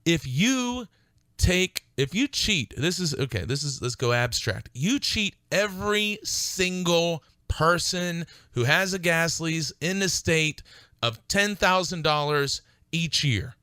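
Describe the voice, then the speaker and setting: A middle-aged man hosts a legal advice radio program, pressing his points hard and repeating them for stress. His voice is bright and forceful. It is picked up close in a dry, dead studio. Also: on the high side, expressive, slow pace, no room sound. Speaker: radio show host and attorney. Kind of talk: call-in style legal advice radio talk.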